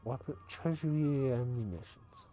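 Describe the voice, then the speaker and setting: A man's voice: mid-range voice, a little slow, dark tone, faint music behind. A man hosting a casual game playthrough, musing and hesitant with a self-deprecating manner. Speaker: let's play host.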